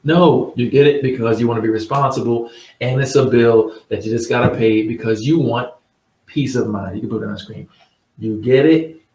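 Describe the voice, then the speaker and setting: A man's voice: medium pitch, normal speed, a little mellow. Blunt, mocking male host. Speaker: host giving insurance advice. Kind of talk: casual talk to camera. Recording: roomy sound, mic at a distance.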